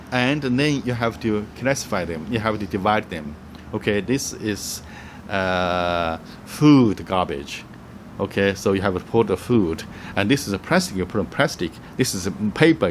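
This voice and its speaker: A man giving travel tips in a casual, halting way, with many fillers, restarts and frequent chuckles. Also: lowish voice, a little hiss or hum. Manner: chuckles often, acts out little quoted voices. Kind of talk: casual explaining to camera.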